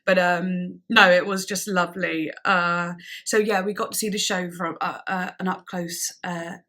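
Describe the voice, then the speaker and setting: Bright-voiced, chatty young woman. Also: on the low side, level tone, measured pace. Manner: chatty, giggly, lots of fillers and quoted dialogue. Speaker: vlogger. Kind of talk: casual storytelling vlog.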